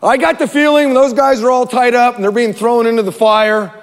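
A male pastor preaching a sermon, with a higher-than-usual voice. He talks in an animated way, acting out voices and swinging from loud to hushed. A long hall reverb trails his words. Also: fairly quick.

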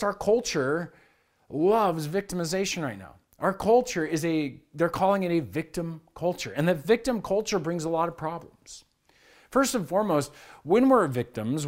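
Middle-aged male pastor, slightly high voice, energetic, chatty sermon delivery. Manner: energetic, conversational, acts out his kids' whiny voices. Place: church.

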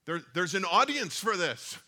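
A man's voice: sits high, very animated, moderate pace, sharp tone. A man preaching a sermon, reading scripture aloud and retelling a story in a conversational way. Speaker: pastor.

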